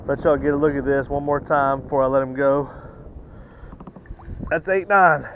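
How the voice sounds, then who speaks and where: A man fishing from a kayak outdoors, talking to the camera with excited, repeated exclamations and out of breath. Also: a little high, normal speed, a little hiss or hum. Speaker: kayak angler. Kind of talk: excited on-the-water fishing commentary. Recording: dull lo-fi camera audio.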